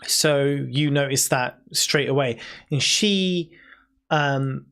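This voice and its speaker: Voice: mid-range voice, slow, fairly bright tone, clean tone. A game master with a British accent narrating a tabletop game, hesitant and full of ums. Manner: hesitant, many ums, descriptive.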